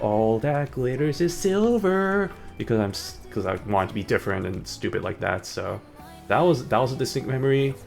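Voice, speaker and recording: A young man with a lowish, gravelly voice chats his way through a driving game on stream. He rambles loosely, teases himself, and keeps the talk casual, with soft music playing faintly behind him. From United States. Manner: rambling, self-mocking, breaks into sung snippets. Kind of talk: casual gameplay commentary.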